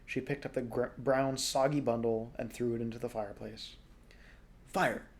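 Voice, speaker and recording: A man reading a storybook aloud in a relaxed way, now and then correcting small slips. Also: mid-range voice, brisk. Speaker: audiobook reader.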